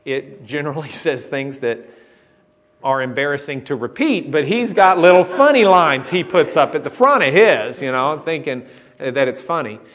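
A man's voice: on the high side, animated, normal speed, a bit bright. A man preaching a conversational teaching sermon, checking in with the congregation as he explains. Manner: conversational teaching, with frequent "okay?" checks and restarts. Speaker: pastor. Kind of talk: sermon, teaching Bible study.

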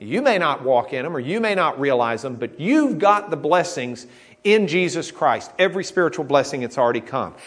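A pastor's fairly high voice swings widely in pitch, sounding a bit bright at a normal speed. He's preaching a teaching sermon much like a Bible study, talking conversationally, checking in with frequent "okay?"s, and restarting as he explains.

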